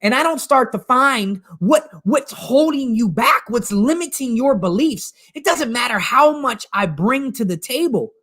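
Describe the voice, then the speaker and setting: A man's voice: very high-pitched, lively intonation, unhurried, few pauses, fairly bright tone. Motivational coach guy, earnest and emphatic, repeats himself a lot on a live stream.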